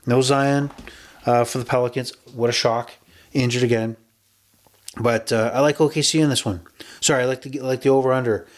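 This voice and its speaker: A man talks through his sports betting picks as a podcast host, in a mid-pitched voice. He rambles casually and often stops to correct himself before pushing on with the next pick. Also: steady tone, moderate pace. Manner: chatty and rambling, with self-corrections.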